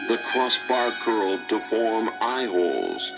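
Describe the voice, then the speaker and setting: Low-voiced man narrating a storybook record. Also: big pitch swings, a little slow, loud music behind the voice. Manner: dramatic read-aloud storytelling.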